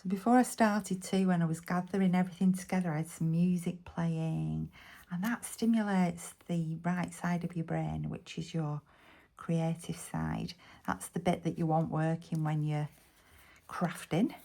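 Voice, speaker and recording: A woman from Bolton in the north of England, her Lancashire accent plain in a slightly low-pitched voice. She chats casually through a craft tutorial and drops into soft, half-whispered mutters as she works. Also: fairly even intonation, a little slow, vocal fry. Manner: chatty, muttering half-whispered asides while working. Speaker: craft vlogger.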